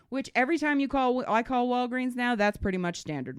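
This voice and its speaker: A middle-aged woman co-hosting a casual podcast, telling a story with a lively, swooping voice and plenty of swearing. The sound is close and dry, with no room around it. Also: a little high, brisk, hardly any pauses, smooth, no room sound. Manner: animated storytelling, swears freely. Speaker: podcast co-host. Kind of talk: casual chat.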